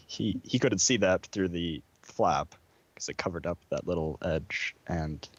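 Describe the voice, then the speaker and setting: A man from the United States, telling a story in casual chat, halting with many fillers and laughs, over a lo-fi voice call. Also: deep voice. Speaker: podcast guest.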